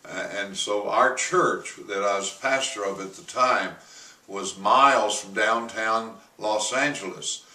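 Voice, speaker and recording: A man, a pastor, telling a testimony story in a halting way with many fillers, sometimes rising to forceful quoted commands. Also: lowish voice. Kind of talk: testimony sermon. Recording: roomy, from a distance.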